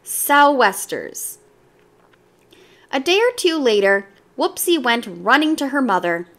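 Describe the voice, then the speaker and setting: A woman reading a children's storybook aloud in an expressive, lively way. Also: sits high, takes it slowly.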